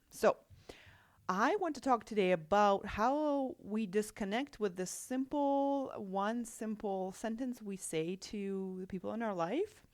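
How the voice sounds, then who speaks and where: A woman's voice: mid-range voice, no room sound. A woman hosting a solo podcast as a life coach, talking casually with many restarts and a habit of asking "right?". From Russia.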